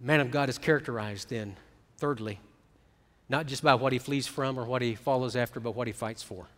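A middle-aged man preaching a sermon as pastor, swinging from hushed, quiet stretches to emphatic ones. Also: mid-range voice, brisk, big-room sound.

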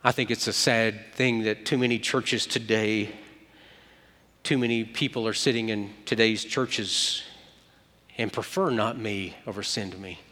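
A man preaching a sermon, moving between loud emphatic peaks and hushed quiet passages. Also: on the low side, fairly even intonation, unhurried. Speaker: pastor. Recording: long hall reverb.

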